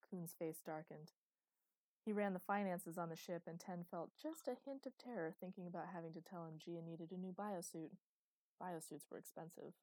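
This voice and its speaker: A woman narrating a science-fiction story in a steady storytelling manner. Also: lowish voice, normal speed, no echo. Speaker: audiobook narrator. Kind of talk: scripted narration.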